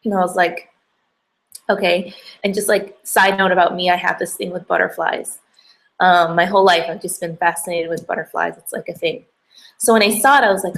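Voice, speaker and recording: A woman's voice: lowish voice, fairly even intonation, brisk, gravelly, a bit bright. A young woman telling a personal faith story to camera, chatty and emotional, with many fillers. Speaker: hijab brand founder giving a faith talk.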